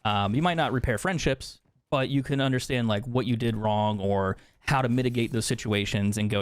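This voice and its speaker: A man's voice: medium pitch, brisk, hardly any pauses, smooth. A young man streaming a game, chatting candidly with viewers, swearing freely and laughing often. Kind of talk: casual chat with stream viewers while gaming.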